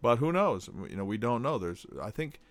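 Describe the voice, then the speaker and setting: A man's voice: medium pitch, sing-song, normal speed. A man from North Dakota with a plain Midwestern accent, hosting a radio talk show and speaking with a slight hesitant catch in his voice. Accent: General American Midwestern.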